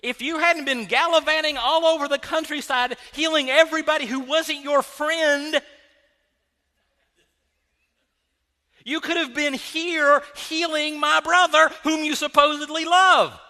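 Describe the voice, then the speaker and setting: A man voicing an indignant, sarcastic grieving woman who scolds in a shrill, drawn-out, exasperated way. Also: steady tone, pushed and bright, long reverb tail, exaggerated voice.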